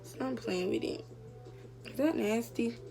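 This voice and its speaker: A woman's voice: on the high side, measured pace, gravelly, mellow, soft background music. A young woman vlogger casually telling a story to her viewers, chatty and full of fillers. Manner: chatty, addresses viewers directly, many fillers.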